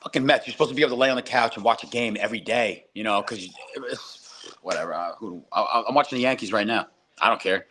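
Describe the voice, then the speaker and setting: A man's voice: lowish voice, fast, bright, forceful tone. Man, casual sports podcast co-host, rambling and profane, faint hiss behind. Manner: profane, rambling, mimics announcers.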